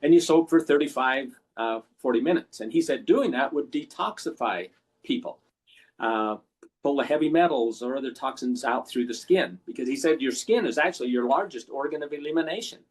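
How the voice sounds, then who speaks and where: An older man with a husky voice telling folksy stories as a podcast guest, acting out the lines of people he talked with. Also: medium pitch, a little fast. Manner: folksy anecdotal storyteller, acts out callers' lines. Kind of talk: storytelling in a podcast interview.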